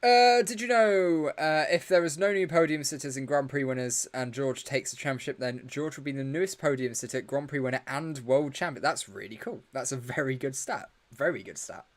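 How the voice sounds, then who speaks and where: Tired, joking stream host. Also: male voice, fairly high pitch, a little fast, few pauses. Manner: chatty, joking, reacting live and answering viewer questions. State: tired, yawning. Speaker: livestream host. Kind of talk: casual live watch-along commentary.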